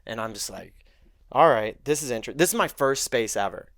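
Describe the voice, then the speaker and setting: Seorang pria tamu podcast bercerita santai dan blak-blakan, sering mengumpat dan menirukan ucapan orang. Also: male voice, mid-range voice, fairly quick, vocal fry, no echo, studio quality. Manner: animated, profane, quotes others and himself. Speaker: podcast guest. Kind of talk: casual storytelling.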